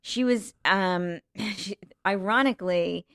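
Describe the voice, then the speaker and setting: Creaky-voiced actress, casual and chatty. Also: female voice, mid-range voice, slow pace, a bit bright, no room sound, clean studio sound. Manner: chatty, many ums and restarts. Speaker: actress and guest. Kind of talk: casual podcast chat.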